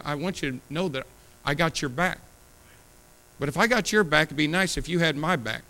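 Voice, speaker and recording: A man's voice: a little high, fairly quick, bright, forceful tone, a little hiss or hum, low-quality recording. A middle-aged man preaching a sermon as pastor, talking in a conversational, emphatic and emotional way.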